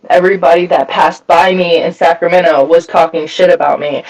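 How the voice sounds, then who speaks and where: A man giving candid personal testimony at a recovery meeting, telling his story bluntly with lots of swearing and filler words, his voice a bit far from the mic. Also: high voice. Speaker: speaker sharing a recovery story.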